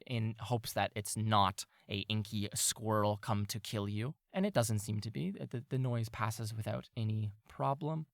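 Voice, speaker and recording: A man's voice: mid-range voice, no echo. Man narrating as game master, dry sound. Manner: meandering, searching for words with fillers.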